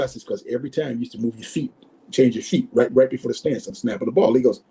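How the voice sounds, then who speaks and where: A man in his sixties, a former football player, telling animated stories in an interview and acting out the people he quotes. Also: medium pitch, fast talker, breathy edge, rough recording. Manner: animated storyteller, acts out quoted voices. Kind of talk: storytelling interview.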